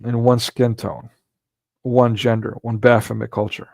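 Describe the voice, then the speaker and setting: A man's voice: medium pitch, little pitch movement, measured pace, gravelly, darkish tone, dry recording. A man hosting a casual livestream commentary, talking in a rambling way with frequent restarts and filler words. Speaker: livestream host.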